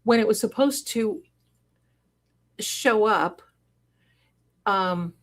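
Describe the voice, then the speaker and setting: Woman livestream host, chatty, effusive, mid-pitched voice, reads the chat aloud. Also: extremely slow. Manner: effusive, gushing over viewers with sudden excited exclamations. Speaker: livestream host and card reader. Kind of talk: casual livestream chat, reading viewer comments aloud.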